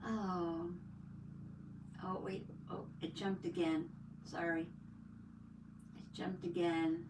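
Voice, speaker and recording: Slow-talking older woman, roomy distant mic. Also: fairly low pitch, level tone. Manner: chatty, greets viewers by name, reads out chat. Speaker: livestream host. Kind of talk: casual livestream chat while crafting. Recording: roomy, distant mic, faint background noise.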